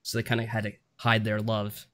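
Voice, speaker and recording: A man co-hosting a podcast, summarizing a plot in an easygoing, measured, casual way. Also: on the low side, completely flat delivery, a bit bright. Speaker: podcast co-host. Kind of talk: casual chat.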